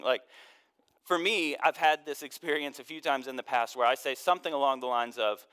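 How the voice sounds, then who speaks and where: A man preaching a conversational sermon as a pastor, casual and joking, often sinking to a soft hush. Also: medium pitch, fairly quick, smooth.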